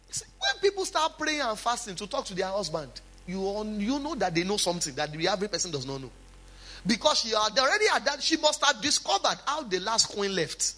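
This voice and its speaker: A man's voice: high-pitched, sing-song, a little fast, sharp tone. A male pastor preaching a sermon, with emphatic swings and chatty asides to the congregation.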